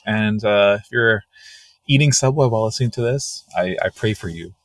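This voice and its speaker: A man's voice: lowish voice, moderate pace, dry recording. A young man co-hosting a comedy podcast, laid-back and teasing as he riffs. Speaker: podcast co-host. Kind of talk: casual comedic chat.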